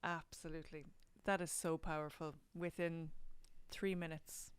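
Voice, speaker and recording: An Irish woman hosting a podcast, chatting relaxed and giving effusive thanks to her guest. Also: low voice, moderate pace, clean tone, dry recording. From Ireland. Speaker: podcast host, actor. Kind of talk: casual interview chat.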